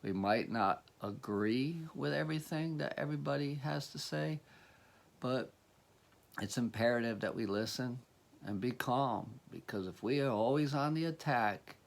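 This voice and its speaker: A man's voice: mid-range voice, measured pace, vocal fry. A man giving a motivational talk as a life coach, earnest and rambling, with many restarts.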